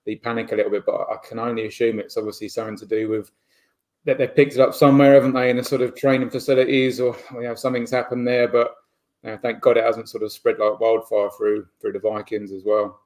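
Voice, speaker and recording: An English man hosts a sports podcast, chatting casually and often hedging with "sort of." His mid-range voice is level and darkish in tone, and he's a fast talker.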